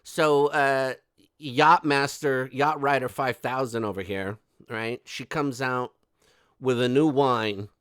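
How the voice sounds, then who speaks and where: A man hosting a gossip commentary vlog in a brash, profane way, breaking into sudden loud outbursts and chatting directly to his viewers. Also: mid-range voice, fairly even intonation, slow pace, clean tone, no room sound. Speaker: channel host.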